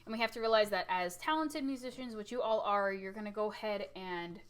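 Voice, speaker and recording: Woman teacher explaining music stuff, super animated, keeps saying right?, voice goes loud then tiny. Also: mid-range voice, brisk, clear, resonant tone. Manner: animated, demonstrates loud and soft with her voice, says "right?" often. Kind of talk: casual recorded lesson.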